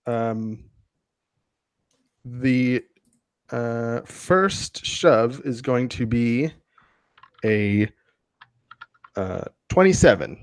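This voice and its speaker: A man's voice: medium pitch, animated, drawn-out words, pauses often, clean tone, dry recording. A man playing a tabletop game, hesitant with fillers while stating his rolls. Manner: hesitant, many fillers when reading rolls. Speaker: player. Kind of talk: casual tabletop play.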